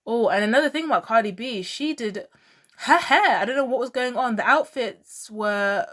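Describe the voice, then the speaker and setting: A woman's voice: fairly high pitch, normal speed, fairly bright tone. A woman talking casually to camera as a pop culture vlogger, chatty and opinionated, full of fillers and gushing exclamations. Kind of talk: casual fashion commentary.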